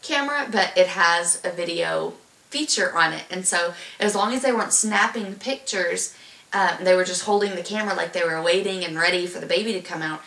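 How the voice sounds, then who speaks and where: A woman's voice: on the low side, a little fast, creaky, a bit bright, echoey room, far from the mic. A young woman casually telling a long personal story, rambling with lots of fillers and restarts. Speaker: vlogger telling her birth story.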